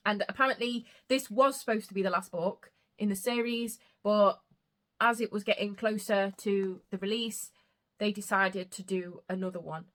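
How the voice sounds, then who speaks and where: A woman's voice: mid-range voice, fairly even intonation, normal speed, a bit bright. A young woman chatting casually about books she read, gushing and emotional, swearing freely. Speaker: book vlogger. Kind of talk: casual chat.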